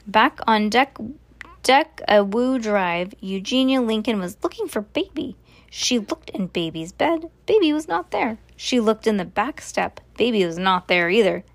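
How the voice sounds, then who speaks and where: A woman reads a storybook aloud to a child at an average pitch, pausing now and then for easy, casual asides full of fillers. The room is dry and close, with no echo. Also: lively intonation. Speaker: parent reading to a child.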